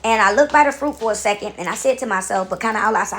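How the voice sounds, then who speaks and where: A woman's voice: mid-range voice, rapid-fire, few pauses, a bit bright, slight background noise. A woman telling a long, rambling story to her camera from her couch at home, repeating words and checking in with "right?" as she goes. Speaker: vlogger.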